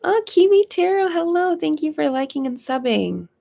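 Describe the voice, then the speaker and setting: Gravelly-voiced chatty woman medium. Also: high voice, sing-song, normal speed, dark tone, slight background noise. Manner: chatty, giggly, lots of fillers. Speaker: psychic medium. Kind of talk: live-stream reading chat.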